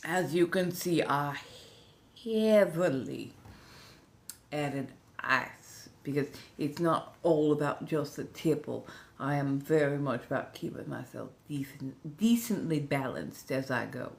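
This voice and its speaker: A woman hosting a relaxed late-night ASMR livestream, chatting softly and playfully and sometimes dropping into a whisper. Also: deep voice, slow pace, creaky. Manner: soft-spoken, drifting into whispers.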